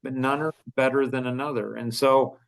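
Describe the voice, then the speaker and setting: An older man hosting a casual podcast, talking emphatically and swinging between loud bursts and hushed asides. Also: medium pitch, steady tone, normal speed, creaky. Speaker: podcast host.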